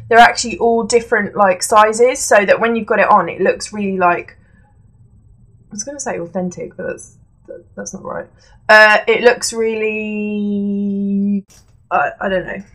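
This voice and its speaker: A woman's voice: mid-range voice, a bit bright. Chatty woman reviewing makeup. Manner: chatty, rambling, many fillers and self-corrections. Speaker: beauty vlogger. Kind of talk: casual product review chat. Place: indoors at home, seated on a creaky chair.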